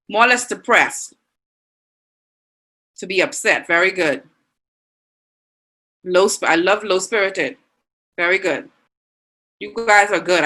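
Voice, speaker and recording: A woman's voice: medium pitch, sharp tone. A woman with a Bahamian accent teaching an online language class, reading out students' answers and praising them. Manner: encouraging, reads out students' chat answers.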